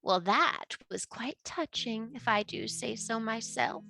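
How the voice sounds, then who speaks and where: A woman's voice: a little high, animated, unhurried, creaky, pushed and bright, soft background music, heavily acted, low-quality recording. Woman doing a smug, drawling cat creature. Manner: formal, drawling and condescending.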